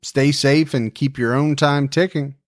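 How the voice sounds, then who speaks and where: A man's voice: medium pitch, steady tone, unhurried, dry recording, studio quality. A man co-hosting a podcast, chatting casually in joking, self-deprecating banter. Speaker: podcast co-host. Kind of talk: casual chat.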